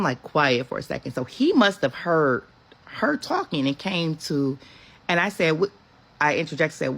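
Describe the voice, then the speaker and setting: A woman in her thirties tells a story in a sassy, casual storytime way, acting out the quotes as she goes. Her voice is husky and gravelly. Her pitch swings widely from line to line. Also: fairly bright tone.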